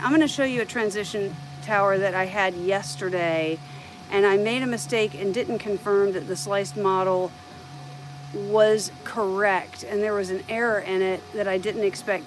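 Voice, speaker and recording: A middle-aged American woman with a light Southern accent chats casually on a live stream about her printer, thinking aloud as she goes. Her voice is medium-pitched at a normal speed, with background noise present.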